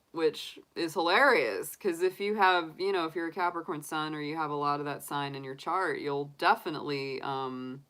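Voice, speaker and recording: A woman's voice: deep voice, a bit bright. A middle-aged woman chatting casually on a livestream as a tarot reader, talking through her reactions and laughing often. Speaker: tarot reader answering live chat.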